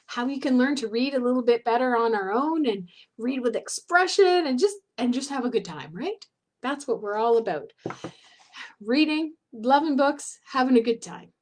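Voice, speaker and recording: A woman hosting a live online storytime for children, chatty and encouraging. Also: fairly high pitch.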